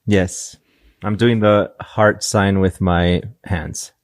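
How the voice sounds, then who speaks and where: A man's voice: low voice, steady tone, slow, no echo, clean studio sound. A man co-hosting a podcast, chatting casually, laughing often and reading out listener comments. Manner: easygoing, laughs a lot. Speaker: podcast co-host.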